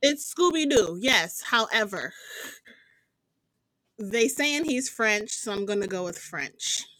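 A woman's voice: mid-range voice, lively intonation, fairly bright tone, no room sound, poor audio. Sassy woman in a dry room. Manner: emphatic, sassy, quick asides. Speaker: podcast co-host. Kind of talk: casual chat recapping a reality show.

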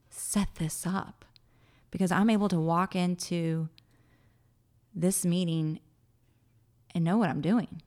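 A woman in her late thirties, a guest in an interview, telling a personal story in a casual, animated way and acting out her own thoughts. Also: lowish voice. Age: late 30s.

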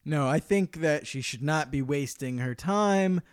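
A mid-pitched voice trades dry, teasing remarks while recapping a reality show for a podcast. The sound is close and dry, with no room echo at all. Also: unhurried, smooth. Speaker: podcast co-host. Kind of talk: casual reality TV recap chat.

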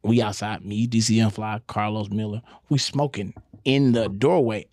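A young adult man, a comedian guest, telling a slangy, animated story on a podcast. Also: lowish voice, moderate pace, no echo. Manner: animated, slangy, acts out scenes.

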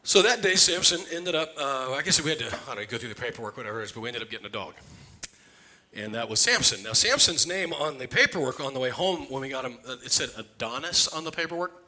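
A man's voice: mid-range voice, fast talker. A man preaching, telling a funny family story in a loose, conversational way. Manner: conversational, jokey, animated. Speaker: pastor. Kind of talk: humorous sermon storytelling. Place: church sanctuary.

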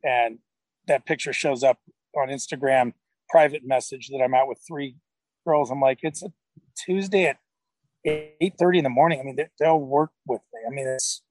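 A man's voice: medium pitch, normal speed, darkish tone, no room sound, rough recording. Rambling, easygoing man, dry close mic. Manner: rambling, self-correcting storyteller. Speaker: podcast guest. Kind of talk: casual interview chat.

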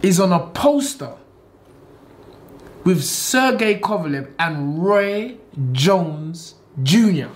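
A man, a boxing trainer and manager talking in a casual interview, animated and quick to laugh, repeating himself for emphasis. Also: high voice. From England.

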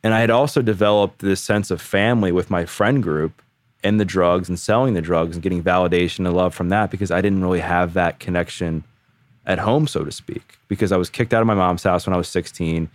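A man in his thirties, a podcast guest, telling his own story candidly in a casual, animated way, full of "like". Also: sits low, fairly quick, no echo. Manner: candid, animated, heavy use of "like".

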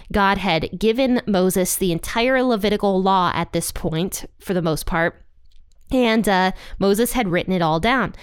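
A woman teaching a casual Bible lesson, chatty and self-deprecating, slowing down to stress key points. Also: medium pitch, clear, resonant tone, no room sound, studio quality. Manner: chatty, laughs at herself, slows down to stress points.

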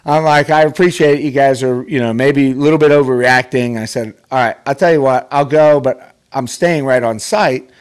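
A man tells a personal story as a podcast guest, his voice mid-pitched and lively. He restarts sentences often and acts out quoted voices. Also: normal speed, clean tone. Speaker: podcast guest, pro golfer. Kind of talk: casual storytelling.

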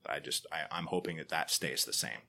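A man talking in a relaxed interview, telling stories with lively acted-out reactions and frequent laughs. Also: rumbling low, brisk, creaky. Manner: animated storyteller, acts out quoted reactions, laughs often. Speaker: podcaster guest. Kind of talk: casual interview chat.

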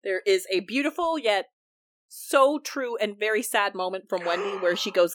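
A woman co-hosting a casual podcast, retelling events with animated quotes. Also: medium pitch, normal speed. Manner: animated storytelling, quoting people. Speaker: podcast co-host. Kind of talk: casual recap chat.

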